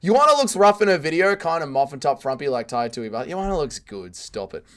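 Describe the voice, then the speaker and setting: A man hosting a casual livestream, reading chat and firing back crude jokes as he rambles. His voice sits a little higher than most men's, and he talks in a loose, offhand way. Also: sing-song, fairly quick, fairly bright tone. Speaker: streamer host reading chat.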